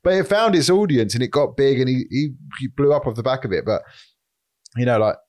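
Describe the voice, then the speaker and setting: A man co-hosting a comedy podcast, explaining his views in measured casual banter and swearing casually. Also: mid-range voice, lively intonation, a little mellow.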